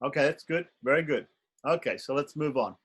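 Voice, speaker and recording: A man's voice: a little high, brisk, fairly bright tone, husky. A man teaching Sanskrit consonants in an online class, patiently repeating each sound and explaining it step by step. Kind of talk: slow, patient online lesson.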